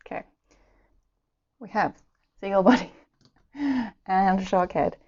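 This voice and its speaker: A woman's voice: medium pitch, takes it slowly, darkish tone, breathy edge. An Irish woman chatting casually and giggling to herself as she draws at home during a live stream. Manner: chatty, giggly, talks to herself while sketching. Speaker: art streamer. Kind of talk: casual chat while drawing. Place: home room. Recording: dull lo-fi stream audio.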